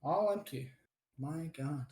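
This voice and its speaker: A man's voice: fairly high pitch, slow pace, mellow. A man playing a tabletop game, playful and jokey as he declares his character's actions. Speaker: player. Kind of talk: casual tabletop game play over voice chat.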